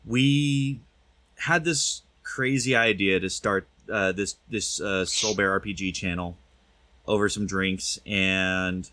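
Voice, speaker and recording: A man's voice: low voice, steady tone, slow, bright, forceful tone. A man hosting a podcast in an easygoing, joking way. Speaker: podcast host. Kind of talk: casual podcast chat.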